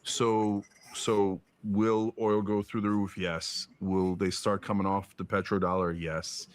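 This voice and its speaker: A man's voice: lowish voice, little pitch movement, slow, no room sound. A man giving heated, profane political commentary as a podcast guest, firing off rhetorical questions. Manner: emphatic, profane, rhetorical questions, mocking put-on quotes.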